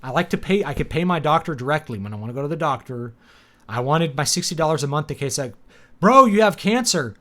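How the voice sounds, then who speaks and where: Talking fast in a slightly high, somewhat bright voice, this male livestream host rambles through his opinions with sarcastic asides. He fills his casual talk show with fillers and restarts and laughs at his own points.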